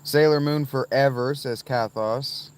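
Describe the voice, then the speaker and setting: A man with a mid-range, steady, smooth voice chats unhurriedly on a livestream from inside a tent. Reading the chat, he rambles, answers viewers by name, and now and then breaks into sudden sing-song chanting.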